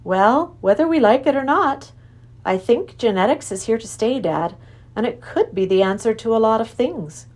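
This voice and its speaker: A woman's voice: a little high, animated, moderate pace. An earnest, thoughtful young boy choosing his words with care, as a woman reads him aloud. His tone lifts and dips a lot as he makes his point.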